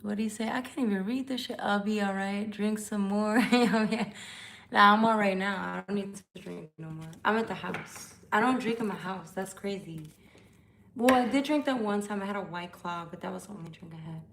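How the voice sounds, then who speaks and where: A tipsy woman hosts a tarot live stream from home, blunt and profane in her talk. Her voice has a gravelly fry to it. A faint hiss sits under the recording. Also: medium pitch, moderate pace. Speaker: tarot reader. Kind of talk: casual live-stream chat.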